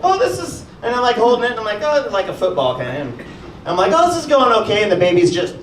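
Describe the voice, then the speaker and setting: A man performing a stand-up comedy set, telling stories with lots of animation and acting out other people in high voices. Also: very animated, fast talker. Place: comedy club stage with audience. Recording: echoey club, far-off mic, audience noise.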